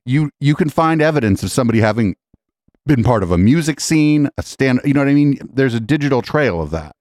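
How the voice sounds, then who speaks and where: A man's voice: mid-range voice, lively intonation, fairly quick, a little mellow, no echo. A man co-hosting a podcast, reacting to a clip with sarcastic, swearing, mocking remarks. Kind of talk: casual chat.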